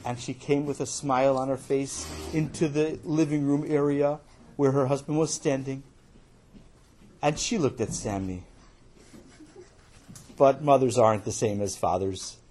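A man telling a children's story in an animated, playful way, with casual asides. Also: mid-range voice, a little slow, long pauses, a little hiss or hum.

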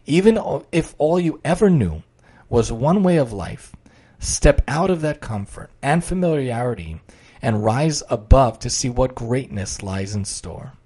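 A man's voice: medium pitch, animated, a little slow, mellow, breathy edge. A man giving a direct, emphatic motivational talk and reading stories aloud.

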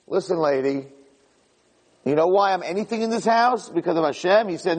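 Man, fairly high voice, animated Torah lecture, reverberant hall. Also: brisk. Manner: animated, acts out quotes with big pitch jumps. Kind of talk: Torah class.

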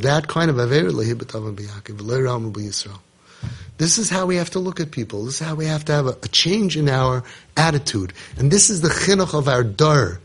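A man's voice: on the high side, husky. A man giving an impassioned Torah talk on parenting and judging others, acting out imagined dialogue with a raised voice. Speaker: parenting guide speaking on Torah teachings.

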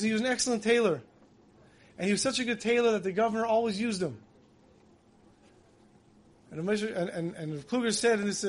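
A man giving a Tisha B'Av style sermon, telling a parable and acting out the dialogue, then slowly chanting lament verses. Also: high voice. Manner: storytelling, acts out dialogue in voices. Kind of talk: sermon with storytelling.

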